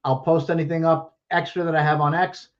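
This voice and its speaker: A man's voice: fairly high pitch, little pitch movement, lo-fi sound. A man hosting a sports betting show, rattling off picks and lines in casual, profane, jokey chat, a bit out of breath. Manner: rapid-fire, profane, jokey.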